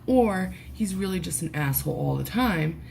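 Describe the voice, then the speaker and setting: A woman vlogging, close to tears, talking haltingly with many restarts and swear words, through a headphone mic at home. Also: on the low side, animated, vocal fry, darkish tone, slight background noise. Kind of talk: emotional personal vlog.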